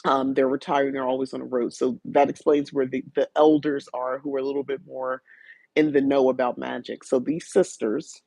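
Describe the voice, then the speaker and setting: Woman, podcast host, rambling book review chat, fry in the voice. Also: a bass voice, dark tone, no room sound. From South New Jersey, USA. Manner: chatty, rambling, frequent restarts and fillers; greets live viewers by name.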